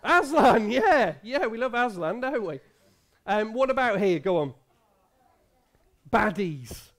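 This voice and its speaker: A man in his thirties speaks in a high, slightly bright voice with wide pitch swings and a slow pace. He's a pastor leading a playful quiz with children during a family service in a church hall, restarting often and laughing a lot.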